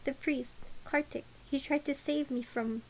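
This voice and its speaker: A woman's voice: sits high, fairly even intonation, a little slow, slight background noise, low-quality recording. A woman voicing a wounded, ruthless young empress who forces her words out through pain. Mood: strained.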